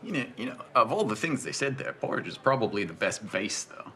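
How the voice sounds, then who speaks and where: A man's voice: mid-range voice, very animated, a little fast, sharp tone. A man playing a tabletop game, easygoing and agreeable. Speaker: player. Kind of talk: tabletop role-play.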